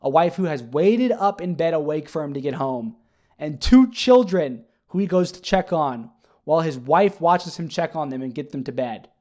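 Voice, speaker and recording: A man's voice: on the high side, normal speed. Rambling man recapping a show. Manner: rambling, animated, many fillers and restarts. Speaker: podcast host. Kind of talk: casual solo recap chat.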